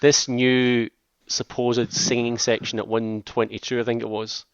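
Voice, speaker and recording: A man hosting a casual football chat, steering the conversation briskly. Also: medium pitch, flat delivery, clean tone, no echo, muffled recording. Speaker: podcast host.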